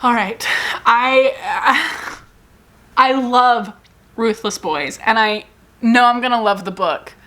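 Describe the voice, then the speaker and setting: A woman's voice: a little high, slow, pauses often, a bit bright. A woman book vlogger in a casual, rambling, self-deprecating chat, talking about her reading.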